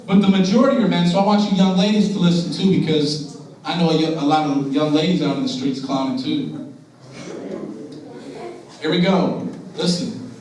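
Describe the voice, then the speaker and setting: A young man addresses students in an earnest, direct way, putting questions to the room. His voice sits slightly high for a man. It echoes heavily around a big school hall and sounds distant, with faint room noise underneath. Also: normal speed, a little mellow. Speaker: motivational speaker. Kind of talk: school assembly talk. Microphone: distant from the recording device.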